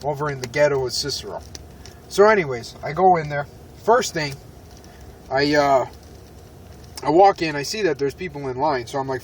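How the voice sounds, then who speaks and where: A man's voice: on the high side, lively intonation, moderate pace, long pauses, recorded from a distance, a little hiss or hum. A man telling a profane, rambling story in an irritated tone, talking from a parked car. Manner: irritated, swearing, rambling with restarts. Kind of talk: profane ranting story vlog.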